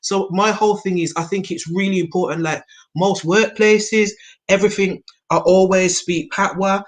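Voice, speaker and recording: A woman from England, a guest in a casual conversation, talking in an animated, slangy way with lots of fillers. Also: mid-range voice, normal speed. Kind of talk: casual video chat.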